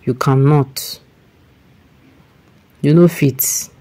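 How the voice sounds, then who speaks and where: A woman's voice: a bass voice, steady tone, very slow, warm tone. A woman with a Nigerian accent, reading a news report and then giving emphatic, exasperated commentary with pidgin phrases.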